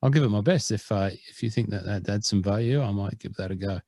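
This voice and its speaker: A man's voice: on the low side, fast talker, gravelly, dark tone, dry recording. An Australian man co-hosting a podcast, chatting casually and rambling in a self-deprecating way. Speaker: podcast co-host. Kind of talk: casual chat.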